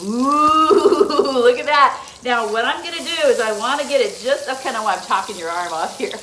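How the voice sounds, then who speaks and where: A woman's voice: sits high, moderate pace, bright, forceful tone, slight background noise. A middle-aged woman hosting a casual cooking demonstration in her home kitchen, chatty, laughing often and talking straight to viewers. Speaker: host. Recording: echoey room with faint sizzling. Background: food sizzling in a pan.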